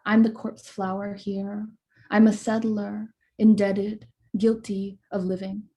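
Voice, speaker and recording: A woman poet reading her work aloud over a video call in a measured, rhythmic way, with soft hesitant asides between poems. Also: mid-range voice, little pitch movement, lo-fi sound.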